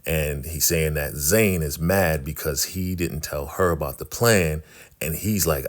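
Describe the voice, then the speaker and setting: A man casually recapping a TV episode, retelling scenes and acting out the characters' lines in quick, chatty bursts. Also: very deep voice.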